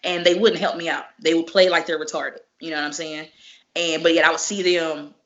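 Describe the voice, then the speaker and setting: Animated, profane woman telling stories. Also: sits low, fairly quick. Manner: animated, profane, acts out dialogue. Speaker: professional wrestler, interview guest. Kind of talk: casual interview storytelling. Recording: muffled lo-fi recording.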